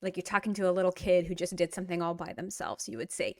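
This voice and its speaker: A woman's voice: fairly low pitch, steady tone, fast, hardly any pauses. A woman hosting her own online language lesson, talking in an upbeat, chatty way with frequent fillers. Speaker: Russian language teacher.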